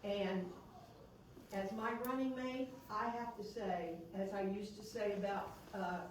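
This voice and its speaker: A woman's voice: mid-range voice, fairly even intonation, a little slow. A woman who is a local elected official, giving a chatty, joking, personal speech at a council meeting, with a noticeable accent. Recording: echoey chamber, distant mic, background noise.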